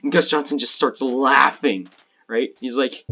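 A man's voice: mid-range voice, steady tone, measured pace, sharp tone, slightly rough, muffled recording. A man chatting casually with a friend while gaming, telling crude joking stories. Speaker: gamer playing with a friend.

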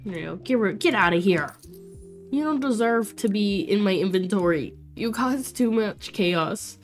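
A young woman streaming a life-sim game, chatting to her viewers in an excitable way with frequent exclamations and laughs. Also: medium pitch, measured pace, soft background music. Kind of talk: casual let's play commentary.

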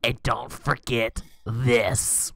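A man voicing a tearful, protective old grandmother in an interactive story game, speaking slowly and with emphasis. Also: mid-range voice, little pitch movement, vocal fry, fairly bright tone, no room sound, studio quality, full character voice. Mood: fierce.

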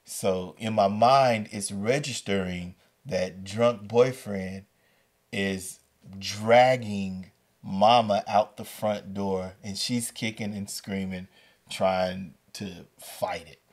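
Low-voiced man telling a story vividly. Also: slow. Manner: animated, acts out the voices in his story. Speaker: podcast host and educator. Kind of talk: storytelling podcast.

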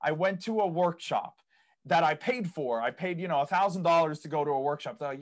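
Brisk and a little high-voiced, a man guests on a podcast for a casual interview chat. He tells stories about property investing, voicing other people's reactions and laughing at his own stories.

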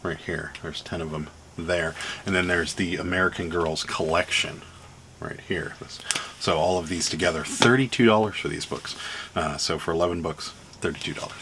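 A man with a Pittsburgh accent talks casually to the camera, rambling and filling gaps with ums and uhs. His voice sits low, with light laughter breaking in. A faint hiss lies under the recording. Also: moderate pace, sharp tone. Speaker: reseller vlogger. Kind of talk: casual vlog, showing items to camera.

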